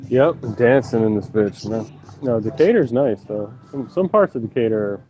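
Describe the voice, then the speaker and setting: A man's voice: medium pitch, expressive, moderate pace, mellow, muffled recording. A man in casual gaming voice chat, rambling and joking with plenty of swearing. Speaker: gaming lobby regular.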